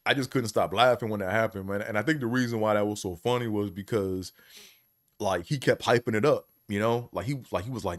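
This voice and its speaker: A man's voice: fairly low pitch, a little fast. A man telling funny stories from his life in a loose, casual way, often breaking into laughter and tagging lines with "man". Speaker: podcast host. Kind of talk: casual storytelling.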